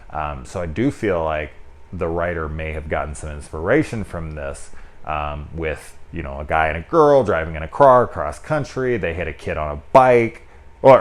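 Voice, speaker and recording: A man with a deep, low voice talks through a movie in a loose, unscripted review. He rambles and restarts, peppers his talk with "like," and swears casually as he goes. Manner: rambling, loose and candid with frequent swearing and filler "like". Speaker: film reviewer. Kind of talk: casual spoken film review.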